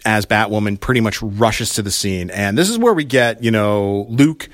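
Guy rambling thru a tv episode recap, kinda low voice, dry sound. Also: animated, normal speed, dry recording. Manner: rambling, retells scenes in quotes.

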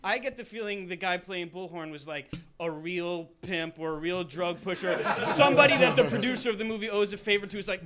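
A man's voice: sits high, lively intonation, brisk, few pauses, pushed and bright. A young man from the audience asking the panel a question, casual and enthusiastic. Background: audience crowd.

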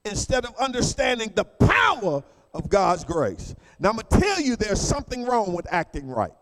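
High voiced pastor preaching hard, lots of swings, repeats stuff, gets the church to answer back. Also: male voice, huge pitch swings, normal speed, fairly bright tone, long reverb tail. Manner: fervent, calls for congregation response; colloquial, repeats phrases for emphasis. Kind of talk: sermon.

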